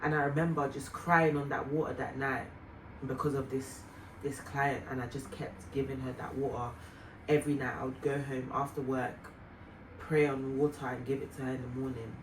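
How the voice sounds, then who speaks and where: A woman vlogger and mother telling a heartfelt personal story in an earnest, reflective way, with soft fillers. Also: a bass voice, flat delivery, normal speed. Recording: roomy, distant mic, faint noise.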